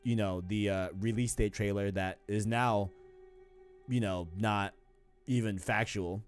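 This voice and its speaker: A young man in his twenties hosts a gaming podcast in easy, rambling chat, dropping slang as he goes. His voice sits low, with a faint New York accent. Soft music plays faintly underneath. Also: steady tone, a little slow. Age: 20s. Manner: laid-back, slangy, rambling. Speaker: podcast host.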